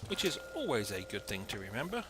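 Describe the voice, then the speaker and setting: A man's voice: lowish voice, huge pitch swings, quick pace, heavy background noise. A man giving chatty, dry, methodical commentary while playing a cooking game. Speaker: let's play host. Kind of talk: gameplay commentary.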